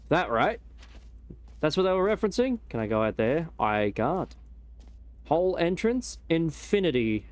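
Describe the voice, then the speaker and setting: A man's voice: medium pitch, lively intonation, normal speed, smooth, no echo. Rambling young man streaming a game. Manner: rambling, joking, swears casually. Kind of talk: casual gameplay commentary.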